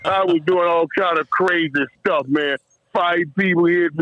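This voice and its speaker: A man's voice: high-pitched, steady tone, moderate pace, a crowd in the background. A middle-aged man, a former football player, telling emotional stories as a podcast guest, stumbling over repeated words and laughing as he goes. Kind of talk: emotional storytelling in a podcast interview. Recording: dull, muffled, dry sound.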